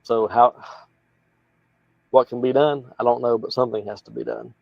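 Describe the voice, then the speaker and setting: A man's voice: mid-range voice, steady tone, moderate pace, gravelly, no room sound, highs cut off. A man with an Appalachian accent, talking in a plainspoken, folksy, rambling way as a political candidate in an interview. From North Carolina. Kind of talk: casual interview talk.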